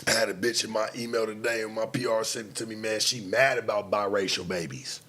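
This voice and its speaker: A man hosting a late-night show, talking in a blunt, profane casual monologue with sudden loud outbursts. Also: on the low side, steady tone, a little fast.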